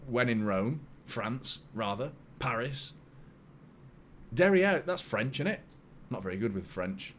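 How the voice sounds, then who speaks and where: A man hosting a live football watchalong stream, talking at a middling pitch. He reacts loudly, swears freely and jokes with his chat between plays, over a faint hum of background noise. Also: animated, normal speed. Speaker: watchalong host.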